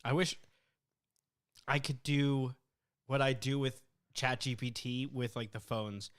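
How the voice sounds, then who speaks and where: A young man co-hosting a podcast in casual chat, animated and swearing as he acts out arguments with his phone. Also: mid-range voice, takes it slowly, clear, resonant tone. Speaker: podcast co-host.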